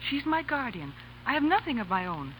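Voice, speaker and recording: A woman's voice: on the high side, sing-song, brisk, a bit bright, rough recording. A woman voicing an anxious, tender young ward in a 1930s radio play, pleading. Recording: hissy old radio broadcast.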